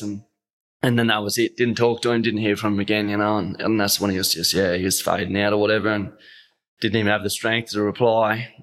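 Fairly low-pitched and level, fairly quick and fairly bright, this young guest from Australia's Northern Territory shares a heartfelt story in a casual interview. He's choked up, voice catching, and rambles with lots of fillers.

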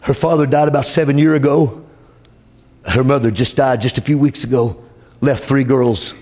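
A male preacher delivering a sermon, with an impassioned delivery that swings from shouted high lines to soft, low passages. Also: fairly even intonation, moderate pace.

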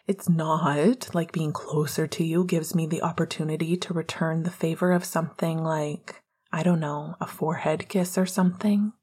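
A woman voicing a guarded, heartbroken man who talks in a hushed, choked voice in an audiobook reading. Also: fairly high pitch, steady tone, normal speed, slightly rough. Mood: wry.

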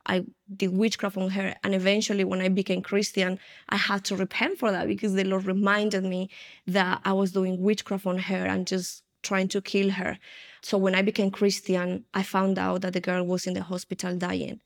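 A woman's voice: medium pitch, completely flat delivery, normal speed, creaky. A woman giving an earnest personal testimony in an interview, retelling her past with frequent restarts.

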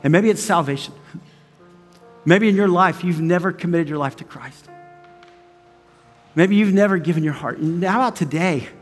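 A middle-aged male pastor preaches in an earnest, chatty way, drifting into stories and asides as he goes. His voice sits high for a man. It rings out with a long hall echo, with faint music beneath. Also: moderate pace, long pauses. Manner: conversational and earnest, storytelling with asides. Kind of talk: sermon.

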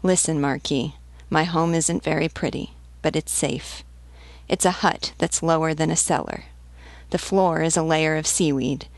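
A woman's voice: low-pitched, fairly even intonation, measured pace, no echo. A woman voicing a shabby, white-haired old male beggar who speaks plainly and steadily. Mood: urging.

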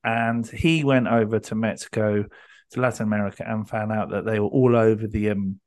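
Brisk and steady, this podcast host has a lowish, slightly mellow voice. He wanders through a story in casual chat, stumbling over lots of ums and restarting often.

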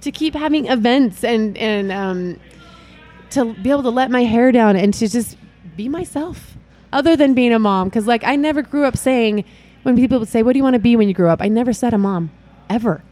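A woman's voice: on the high side, expressive, moderate pace, mellow. A middle-aged woman, a mother, chatting as an interview guest in a bubbly, rambling way, often laughing. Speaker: guest, event organizer and mother. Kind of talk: casual interview chat.

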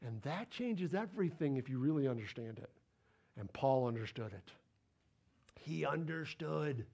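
A man preaching a sermon, animated and emphatic, repeating words for stress. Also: mid-range voice, moderate pace, vocal fry, slightly rough. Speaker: pastor.

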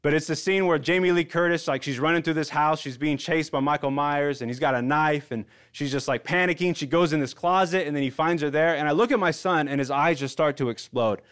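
A male pastor in his thirties delivering a sermon with a slightly higher voice than most men. He talks in an earnest, conversational way, swelling on key phrases and falling to a hush when he makes a point. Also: fairly quick, few pauses, clear, resonant tone. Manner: earnest, conversational preaching with surges and hushed drops.

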